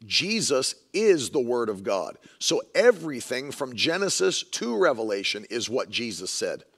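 A man's voice: medium pitch, sing-song, a little slow, fairly bright tone, breathy edge. A man preaching a sermon in an emphatic way, repeating lines for stress and mocking the views he argues against.

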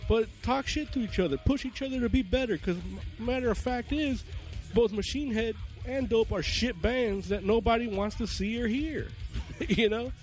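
A man's voice: very high voice, moderate pace, soft background music. A man hosting a heavy metal news segment, ranting crudely and mocking with constant swearing. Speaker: podcast segment host. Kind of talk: profane ranting commentary.

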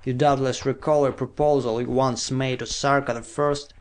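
A man's voice: mid-range voice, little pitch movement, moderate pace, close to an everyday voice. A man voicing a stern scientist leader. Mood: grave. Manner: stern, declamatory. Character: commanding male scientist leader calling for war. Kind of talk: audiobook reading.

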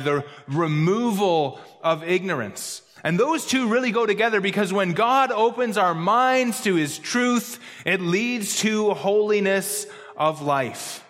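Male pastor, emphatic sermon delivery, high voice, long hall reverb. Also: a bit bright. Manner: emphatic, repeats key phrases, slows down for stress.

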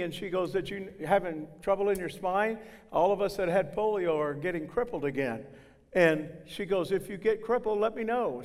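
Guest preacher, man, high voice, loud and folksy, church hall reverb. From southern Indiana. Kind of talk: sermon. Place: church sanctuary.

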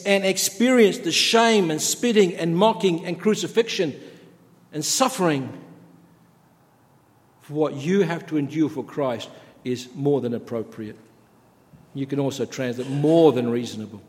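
A man with a high-pitched voice preaches a sermon, stacking repeated phrases as his intensity climbs. The sound carries a long hall reverb, as in a church sanctuary. His delivery is earnest and insistent.

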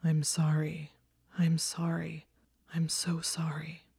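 A woman voicing a guarded young wizard who apologizes quietly and intensely, often under his breath. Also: deep voice, little pitch movement, moderate pace. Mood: whispered.

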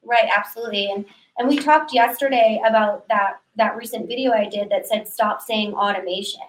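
A woman's voice: mid-range voice, a little fast. Confident woman in an echoey room. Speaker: guest, digital transformation consultant. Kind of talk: casual business chat.

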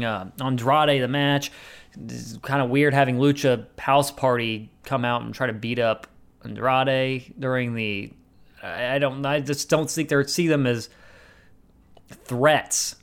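A man's voice: mid-range voice, steady tone, unhurried, smooth. A man hosting his own wrestling review show, recapping matches in a rambling, casual way with many fillers and restarts.

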